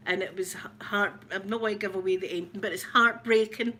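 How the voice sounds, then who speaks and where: A woman's voice: mid-range voice, steady tone, a little fast, sharp tone, a little hiss or hum. A middle-aged Scottish woman hosting a livestream, chatting in a rambling way and greeting viewers by name. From Scotland. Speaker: ASMR livestream host. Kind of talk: casual livestream chat.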